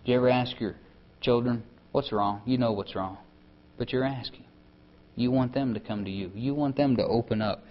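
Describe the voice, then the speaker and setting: A male preacher, giving a conversational sermon and often dropping his voice soft for emphasis. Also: mid-range voice, a little fast. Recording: dull lo-fi recording.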